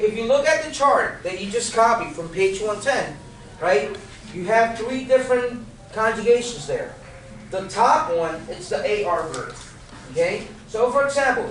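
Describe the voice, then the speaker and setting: This classroom lecture catches a male teacher from a distance, his high-pitched, fairly bright voice echoing through the room over a faint hiss or hum. He patiently walks the class through Spanish grammar, often pausing to ask "okay?" or pose questions to check understanding.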